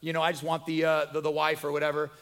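A man voicing a brash, hot-tempered young strongman in an offhand, dismissive tone, in a slightly lower voice than his own. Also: monotone, quick pace, a bit bright, clean tone.

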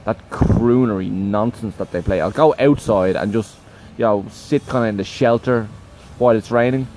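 A podcast host with a fairly low voice talks at a moderate pace over poor audio. Sitting under shelter outside a rainy café, he rants casually, swearing a lot and complaining through animated stories, while loud traffic and construction noise fill the background.

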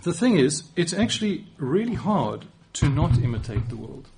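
A man's voice: on the high side, big pitch swings, normal speed, gravelly, darkish tone. A man in his forties with a South African accent, giving a conversational sermon with occasional restarts and light self-deprecating humor. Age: 40s. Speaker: preacher.

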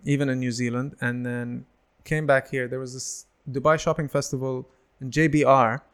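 A man's voice: medium pitch, moderate pace, clean tone. A man in his thirties, a stand-up comedian, telling stories in casual chat and acting out the voices of people he quotes. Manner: animated, acts out quoted voices.

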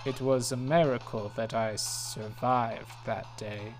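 A woman's voice: steady tone, soft background music. A woman voicing a subdued, remorseful young man. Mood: solemn. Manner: low, slow and subdued.

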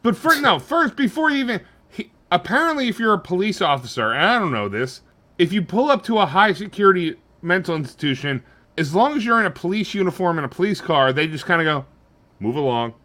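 Bright, animated male podcast co-host. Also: high voice, quick pace. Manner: animated, jokey, slips into voices. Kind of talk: casual podcast chat.

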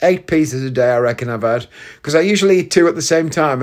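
A man's voice: fairly high pitch, quick pace, a little mellow. A man hosting a casual solo podcast, chatty and self-mocking, laughing at his own jokes. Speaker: podcast host.

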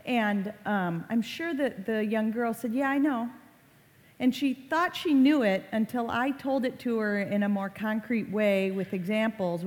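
Speaking to parents in a reverberant hall, a woman whose job is teaching online safety keeps things conversational and acts out brief quoted lines. Her voice is medium in pitch with a darkish tone.

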